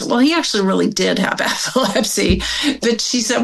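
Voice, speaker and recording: A middle-aged woman from Oregon, a guest telling a personal story in an interview, animated and acting out the dialogue she quotes. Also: fairly high pitch, moderate pace, creaky, poor audio.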